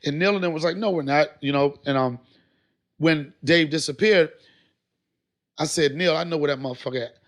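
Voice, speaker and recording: A man telling stories in a casual podcast chat, animated and swearing freely. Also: a little high, normal speed, pauses often. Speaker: podcast guest, former TV sketch actor.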